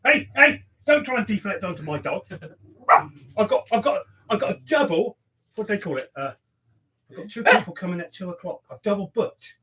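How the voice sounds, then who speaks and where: Cheeky barber with a high voice. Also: male voice, animated, fairly quick, low-quality recording. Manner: cheeky, mock-gruff teasing. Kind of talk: livestreamed casual banter while cutting hair.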